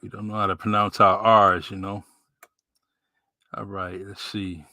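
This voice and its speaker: A man with a New England accent hosting a podcast in a relaxed, rambling way with many fillers. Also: on the low side, unhurried, dry recording. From New Bedford, Massachusetts. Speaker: podcast host. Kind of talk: casual live-stream chat.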